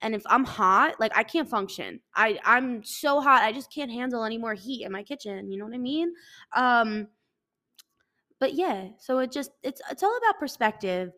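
Young female solo podcast host, slightly high-pitched, loose and rambling, casually profane, self-deprecating. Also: expressive, normal speed, sharp tone. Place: living in a hot city.

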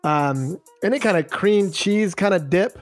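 A man co-hosting a podcast in casual chat, animated and quick to laugh. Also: high-pitched, faint music behind. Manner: laughs easily, animated storytelling. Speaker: podcast co-host.

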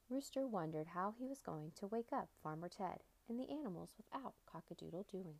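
A woman's voice: lowish voice, lively intonation, a little fast, hardly any pauses, a little mellow, no room sound. Cheerful woman reading a kids' story. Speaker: podcast host and storyteller. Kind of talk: children's story read-aloud.

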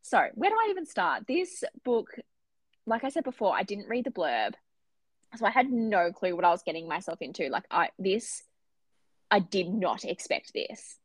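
A woman co-hosting a casual book podcast, animated and gushing, swearing freely as she talks. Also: medium pitch, moderate pace, dry recording. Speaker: podcast co-host.

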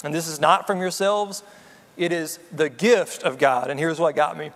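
An earnest man with a high voice preaches a personal sermon. He keeps checking in with his listeners. His words ring out with a long echo, as in a large hall. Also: normal speed, fairly bright tone. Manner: earnest, personal, addresses the congregation with frequent "okay?". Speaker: pastor.

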